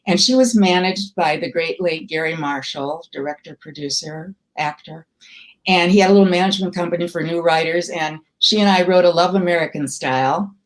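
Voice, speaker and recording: A woman's voice: on the low side, brisk. An older woman from Milwaukee, a comedy writer telling wry, self-deprecating stories in an interview. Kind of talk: storytelling interview.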